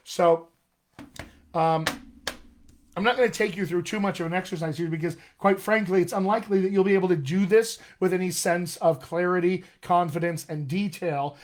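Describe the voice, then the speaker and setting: A man's voice: on the high side, a little mellow. Man coaching accents with vowel demos. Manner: demonstrates vowel sounds, addresses viewers as friends. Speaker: dialect coach. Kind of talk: live-streamed accent lesson.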